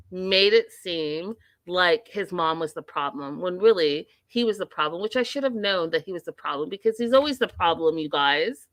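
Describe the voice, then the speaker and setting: A woman hosting a live TV recap stream, giving blunt opinions and reading viewer comments aloud in a casual, animated way. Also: lowish voice, dry recording. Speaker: host of a live TV recap show.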